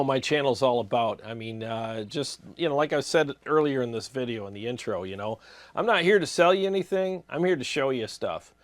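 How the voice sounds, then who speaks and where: A man's voice: medium pitch, no echo. A man hosting a guitar gear channel, answering viewer comments in a casual, rambling way with many fillers and restarts.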